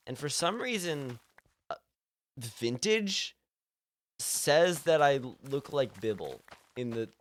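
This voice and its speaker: A young man talking to his live-stream chat in a loose, rambling way. He keeps cracking himself up as he goes. His voice sits at an ordinary middle pitch for a man. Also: fairly bright tone. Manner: rambling, self-amused, breaks into laughter often. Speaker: livestreamer.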